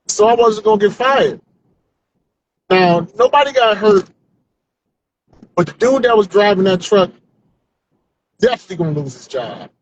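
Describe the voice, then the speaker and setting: High-voiced man rambling through stand-up bits. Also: animated, moderate pace, long pauses, dull audio, a little hiss or hum. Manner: rambling, self-talking, ends lines with "man". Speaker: comedian. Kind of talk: stream-of-consciousness stand-up practice. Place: car on commute.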